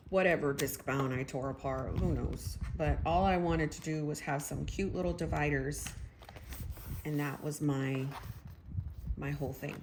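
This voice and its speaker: A woman in her thirties chatting casually at home about her planner, excitable and talking to herself as she goes. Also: low voice, background noise. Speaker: planner vlogger. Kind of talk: casual chat.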